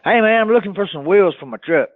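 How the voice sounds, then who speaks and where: A man's voice: high-pitched, expressive, quick pace, dry recording. A man, a sales trainee, playing a customer in phone role-play with short, laid-back replies. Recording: tinny phone-like line.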